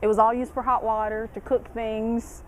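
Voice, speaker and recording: A woman's voice: a little high, flat delivery, normal speed, heavy background noise. Chatty woman giving dorm tips. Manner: chatty, laughs often, colloquial. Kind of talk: casual advice vlog.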